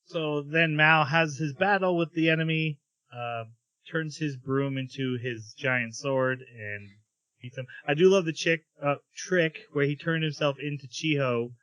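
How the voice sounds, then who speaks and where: A man's voice: a little high, a little slow, muffled recording. A man co-hosting a podcast, casually recapping an episode and acting out quoted lines along the way. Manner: animated retelling with quoted lines. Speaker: podcast co-host.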